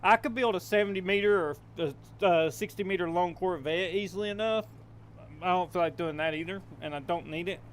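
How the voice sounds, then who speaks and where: A young man hosting his gaming channel, rambling to himself as he plays and quickly getting alarmed. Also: high-pitched, slight background noise. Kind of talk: game commentary.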